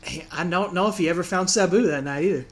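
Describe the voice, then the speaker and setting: A man's voice: high voice, quick pace. A man, co-hosting a podcast and telling stories casually, often breaking into laughter. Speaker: podcast co-host. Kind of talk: casual storytelling chat.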